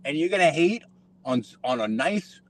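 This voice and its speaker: A man's voice: fairly high pitch, big pitch swings, normal speed, a bit bright. A man, ranting sarcastically on a live stream while driving his car. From New York. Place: inside a car.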